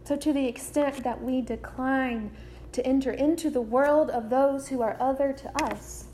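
A woman preacher delivering a sermon in a measured, deliberate way, repeating key phrases. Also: sits high, steady tone, dark tone, slight background noise.

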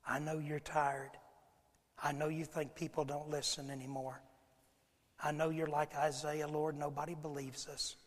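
A man preaching a sermon as a pastor, swinging from hushed, halting speech to shouting with repeated words. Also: on the high side, little pitch movement, in a large hall. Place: church hall.

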